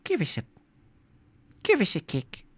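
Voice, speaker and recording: A man's voice: high voice, wildly swooping pitch, unhurried, fairly bright tone, husky, dry recording, pitched above the performer's own voice, exaggerated voice. A man putting on a mock British accent, voicing a wheedling male street beggar who pleads over and over and keeps coughing. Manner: wheedling, repetitive begging. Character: high-pitched cockney-style male street beggar, pleading.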